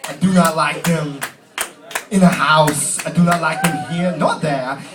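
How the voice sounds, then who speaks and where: A drawling, deadpan celebrity voice with odd pauses in strange places, as a man puts it on. It is heard from across a roomy pub, captured on a far-off camera mic. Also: fairly high pitch, music in the background, close to an everyday voice. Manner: slow, halting, oddly stressed delivery. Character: impression of a famous actor, slow, odd phrasing.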